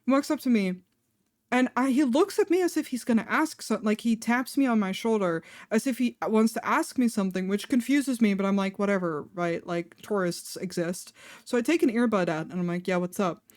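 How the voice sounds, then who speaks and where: A woman's voice: a little high, expressive, a little fast, a little mellow, no room sound, clean studio sound. A young adult woman streamer telling a personal story in a chatty way, full of fillers and laughing between lines. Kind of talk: casual storytelling on a live stream.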